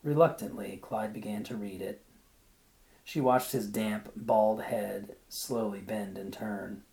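Man, low-pitched voice, storybook reading, thoughtful, pauses to search for words. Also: fairly even intonation, gravelly, a little mellow. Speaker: reader. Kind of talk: reading a short story aloud, then casual commentary.

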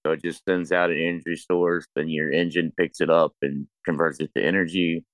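A man's voice: deep voice, flat delivery, brisk, a bit bright, no room sound. A man co-hosting a casual film chat, rambling, swearing freely, and restarting his sentences. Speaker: podcast co-host.

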